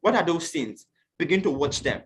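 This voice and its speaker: A man's voice: a little high, very animated, normal speed, a little hiss or hum. Man, from Nigeria, online class teacher, earnest, asks questions. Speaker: youth teacher.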